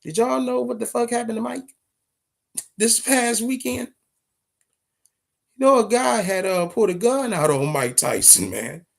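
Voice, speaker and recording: A man hosting a boxing talk show, telling stories in casual, profane, animated commentary. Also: extremely high pitch, a little slow, creaky, long pauses. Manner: profane, storytelling, animated retelling.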